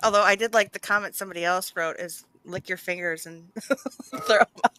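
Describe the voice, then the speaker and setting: Bright, giggly woman. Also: mid-range voice, poor audio. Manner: giggly, quick to laugh. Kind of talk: casual chat.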